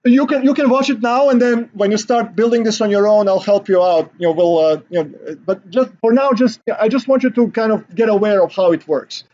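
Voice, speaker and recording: A man's voice: sits high, fairly quick, hardly any pauses, a little mellow, dull audio. A male university instructor giving a recorded class lecture in a casual, rambling way with many fillers and restarts.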